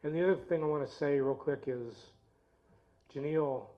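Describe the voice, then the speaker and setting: A man leading a church service, telling a homespun family story in a relaxed, chatty way. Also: a little high, moderate pace. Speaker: lay service leader and storyteller. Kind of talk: folksy storytelling with guitar songs. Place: church sanctuary. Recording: dull lo-fi recording with loud guitar. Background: guitar playing.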